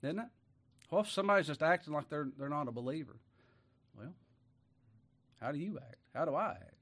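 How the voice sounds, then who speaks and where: A man with a drawl delivers a sermon in an easygoing, folksy manner. He keeps turning to his listeners with quick rhetorical questions, and his voice sits a little high for a man. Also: expressive, fairly bright tone. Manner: folksy, asks the congregation many rhetorical questions. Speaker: preacher.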